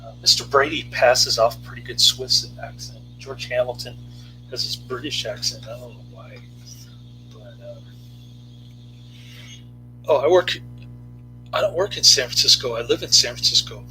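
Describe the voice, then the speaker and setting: A man talking casually as a movie reviewer, rambling and halting with many fillers and restarts. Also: medium pitch, sharp tone, slight background noise, rough recording.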